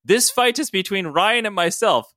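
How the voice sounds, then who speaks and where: Man doing theatrical storm woman, high and declamatory. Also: lively intonation, normal speed, bright, forceful tone, no echo, clean studio sound. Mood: grandiose. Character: grandiose weather-controlling woman, dramatic.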